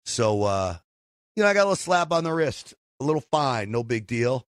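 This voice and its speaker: A man hosting a call-in talk radio show, joking, bragging and riffing with animated asides into a studio mic. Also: mid-range voice, normal speed, no echo. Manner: jokey, boastful, animated asides.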